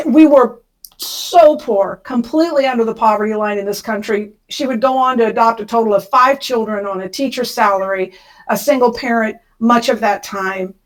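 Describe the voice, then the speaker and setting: A middle-aged woman from Kansas, a podcast guest telling a personal story with emotion, rushing when she relives the panic. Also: a little high, low-quality recording.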